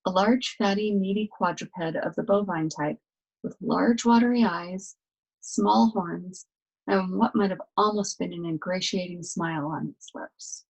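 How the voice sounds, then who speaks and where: A woman reading a novel aloud as a storyteller, with steady, expressive narration. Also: lowish voice, unhurried, creaky, breathy edge, low-quality recording.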